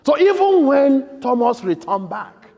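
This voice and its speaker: A man preaching a sermon as priest in a church, emphatic, swinging between loud outbursts and soft, quiet lines. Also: very high-pitched, sing-song, measured pace, gravelly. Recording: echoey church hall.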